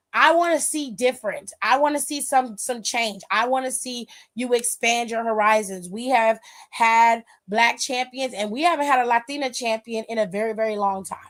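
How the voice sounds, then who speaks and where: A woman's voice: on the high side, fairly bright tone. A woman hosting a wrestling aftershow, giving casual, emphatic, profane live-stream commentary and reading viewer comments aloud.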